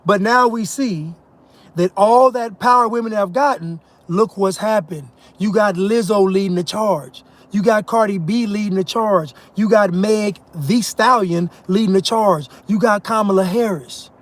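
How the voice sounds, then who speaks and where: A man's voice: sits high, measured pace. A man delivering an emphatic, mocking monologue rant as a commentator, laughing at his own points. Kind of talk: ranting monologue.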